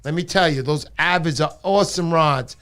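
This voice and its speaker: A middle-aged man hosting a casual livestream, playful and jokey with loud bursts of excitement. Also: fairly high pitch, a little fast, smooth, faint music behind. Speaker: livestream host.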